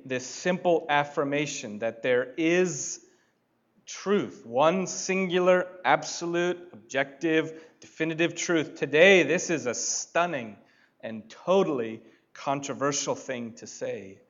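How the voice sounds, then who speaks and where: A man preaching a sermon, deliberate and building to emphatic points. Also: on the high side, fairly bright tone, highs cut off. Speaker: pastor.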